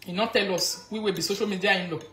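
Talking very fast in a medium-pitched voice, a Nigerian social media commentator rants on a live video, animated and mocking as she blends Pidgin and local languages. The audio is reverberant with background noise.

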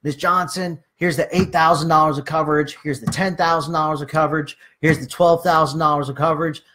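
Higher-voiced man giving sales training. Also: steady tone, a little fast, pushed and bright. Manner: acts out dialogue with clients, many fillers. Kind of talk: casual training talk.

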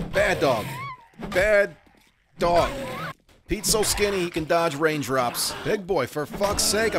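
A man's voice: a little high, background noise. A man giving profane, wisecracking commentary while playing a game. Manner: profane, wisecracking, jokey asides. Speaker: gaming commentator. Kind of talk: joking gameplay commentary. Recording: game music behind voice. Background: game music.

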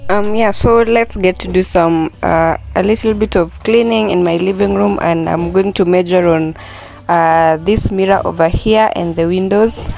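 A Kenyan woman casually narrating a home vlog, relaxed and full of "yeah, so" fillers. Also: lowish voice, normal speed, vocal fry. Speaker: vlogger. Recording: echoey room, distant mic, faint music.

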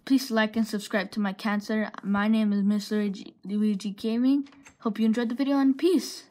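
In a rough recording, a medium-pitched woman speaks at a moderate pace with fairly level intonation. She voices over her gameplay clips for her channel, rambling, cursing, and taunting the other players over loud game music.

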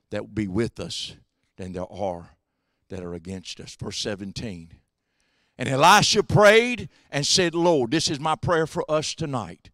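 A man preaching a sermon as pastor, swinging between quiet asides and shouted exhortations. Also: mid-range voice, dry recording, clean studio sound. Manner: swings from hushed to shouting, drawling preacher cadence. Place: church sanctuary.

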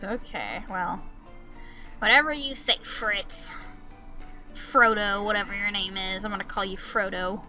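A woman's voice: medium pitch, a little slow, pauses often, bright, forceful tone, soft background music. A woman hosting a gaming channel, giving casual, chatty commentary as she plays and talks back to the characters on screen.

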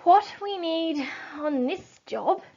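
A woman voicing a dirty, deaf, bossy thin male farmer in a storybook reading, talking loud and slow. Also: very high voice, lively intonation, voice pushed up, exaggerated voice. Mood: demanding. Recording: dull lo-fi recording.

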